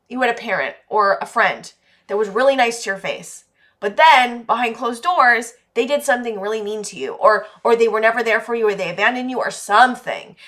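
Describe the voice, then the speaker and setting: Woman tarot reader, frank and heartfelt, curses casually; bright, slightly high voice. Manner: candid and emotional, swears freely. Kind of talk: casual pick-a-card tarot reading to viewers.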